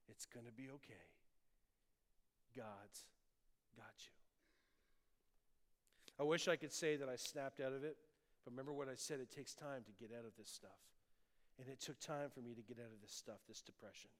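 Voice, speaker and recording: A man, a pastor, preaching a sermon and sharing his own testimony, moving between loud appeals and hushed, tender lines. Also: mid-range voice, quick pace. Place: church sanctuary. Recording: long church hall reverb.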